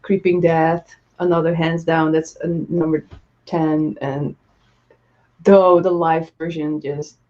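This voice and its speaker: A woman co-hosting a casual music chat, relaxed and quick to laugh as she rates songs. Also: deep voice, dull audio. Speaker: co-host.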